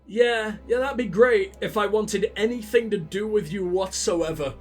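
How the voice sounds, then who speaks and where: A let's play host with a high-pitched voice talks in an unhurried way while playing a video game, offering casual commentary that is profane and sarcastic. Faint music plays behind him.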